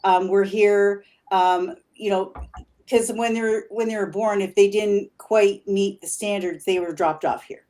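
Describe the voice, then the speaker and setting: A woman paranormal investigator chats as a guest on a casual show. Her voice sits at an everyday middle pitch. She wanders through her points with many ums and restarts, and she laughs readily. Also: fairly even intonation, dark tone. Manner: rambling, halting with many fillers; laughs easily. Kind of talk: casual interview chat.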